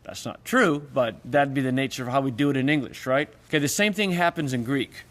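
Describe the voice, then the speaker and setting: A man's voice: fairly quick, fairly bright tone. Man lecturing on Greek grammar. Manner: explanatory, acts out quoted questions with raised pitch. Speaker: Greek teacher. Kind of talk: recorded classroom lecture.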